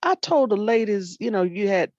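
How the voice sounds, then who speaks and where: An older woman, a retired teacher and librarian, telling animated stories about her students in casual talk and acting out what people said. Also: mid-range voice, moderate pace, no room sound. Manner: animated storyteller, acts out quotes, folksy Southern phrasing. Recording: dull lo-fi dry sound.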